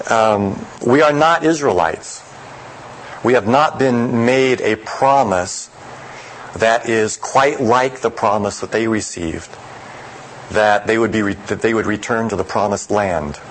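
A man preaching a sermon who reads scripture aloud and then explains it in a measured, reflective way. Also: lowish voice, slight background noise, poor audio.

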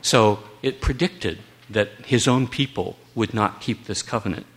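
A man delivers a Bible teaching talk in a fairly low voice. He presses his points earnestly and emphatically, now and then slipping in a wry aside. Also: measured pace, fairly bright tone. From United States.

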